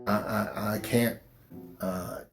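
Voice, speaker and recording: A middle-aged man, a pastor, speaking slowly and haltingly in an interview, with a slight southern drawl since his stroke. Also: lowish voice, fairly even intonation, fairly bright tone, faint music behind. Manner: slow, halting speech with restarts after a stroke. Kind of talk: personal interview.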